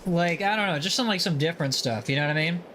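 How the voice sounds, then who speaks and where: A man hosts a laid-back gaming livestream, reading viewer messages aloud and joking with them. His voice sits high with a bright, forward edge, and a faint hiss of noise runs underneath. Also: fast talker. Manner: playful, teasing, reads viewer messages aloud. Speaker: livestream host. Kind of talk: casual chat while gaming.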